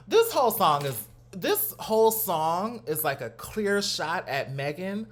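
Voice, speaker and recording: A young man hosting his own channel, chatting in a casual, animated way with lots of slang and asides, at home on a new studio mic. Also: high voice, unhurried. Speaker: host. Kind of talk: casual reaction commentary.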